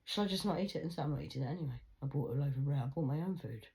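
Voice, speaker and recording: Woman, low voice, rambling vlog rant, swearing, rhetorical questions. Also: racing, creaky, warm tone. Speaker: vlogger. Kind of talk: rambling monologue to viewers.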